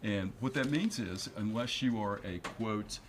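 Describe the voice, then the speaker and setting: A man with a fairly low voice explains the law as a guest on a studio news interview. He works through his points with frequent fillers and restarts. A faint hiss sits under the recording. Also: a little slow. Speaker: attorney guest.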